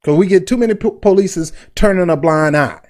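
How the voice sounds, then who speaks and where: A man's voice: high-pitched, fairly quick, a little mellow. A middle-aged man hosting a commentary vlog, blunt and indignant, with street slang. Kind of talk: heated commentary.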